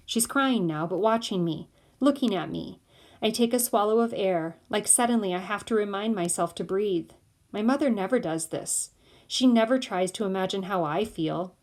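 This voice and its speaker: A woman reading a novel aloud in steady first-person narration. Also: medium pitch, normal speed. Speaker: audiobook reader.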